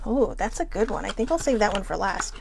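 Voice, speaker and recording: Woman host of a live card reading; giggly, off-topic, profane, gravelly. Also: medium pitch, sing-song, brisk, slight background noise. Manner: giggly, chatty, swears freely, goes off topic.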